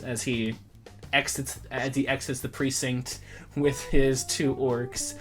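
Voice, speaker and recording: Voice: mid-range voice, steady tone, a little slow, a bit bright, soft background music. Laid-back, rambling game master. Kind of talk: casual tabletop game narration.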